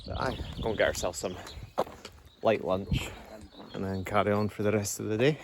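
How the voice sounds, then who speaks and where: A Scottish man in his thirties chatting casually as he walks a lochside trail, relaxed and a little out of breath from the climb. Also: lowish voice, moderate pace. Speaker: vlogger. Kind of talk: casual walking commentary. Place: outdoors on a lochside hill trail. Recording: outdoor phone recording with clear background noise. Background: wind and rural outdoor ambience.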